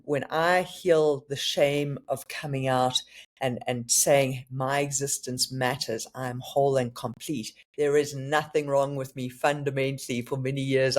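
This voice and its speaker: A middle-aged man co-hosting a spiritual podcast, talking earnestly and candidly about his own healing, with frequent restarts. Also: mid-range voice. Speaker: podcast co-host. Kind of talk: reflective spiritual talk.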